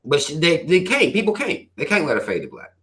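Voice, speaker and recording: Man, stream host, profane, preachy rant, fires questions, highish voice, lively swinging pitch. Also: brisk. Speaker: channel host reading viewer comments. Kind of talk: livestream rant.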